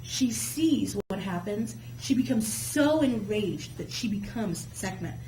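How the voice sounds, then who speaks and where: A woman guest telling myths in casual, colloquial chat, with a lively storyteller's manner. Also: mid-range voice, slow pace. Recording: echoey room with faint hum.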